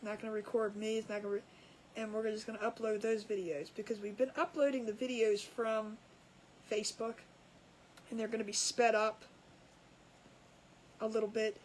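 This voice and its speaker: A high-voiced woman chats away while she works on a craft project, cracking herself up as she goes. Her talk is loose and rambling, and there is a faint hiss of background noise around her voice. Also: little pitch movement, moderate pace, pauses often, low-quality recording. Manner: chatty, laughs at her own jokes. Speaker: crafting livestream host. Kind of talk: casual chat while crafting. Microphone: camera over a crafting table.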